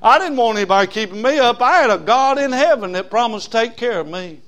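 A man preaching a sermon as pastor, folksy, swinging from loud emphasis to low asides. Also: animated, quick pace.

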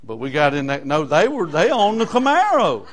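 Older Southern US preacher from South Carolina, raised-pitch voice, fiery and folksy delivery. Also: male voice, wildly swooping pitch, normal speed. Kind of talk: sermon.

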